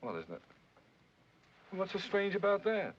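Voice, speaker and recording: An actor playing a flustered, stammering French army officer in a 1940s screwball film comedy. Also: male voice, sits high, huge pitch swings, unhurried, full character voice. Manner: bumbling, stammering, protesting. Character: flustered, sleepy male French officer in love. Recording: dull, hissy 1940s film soundtrack.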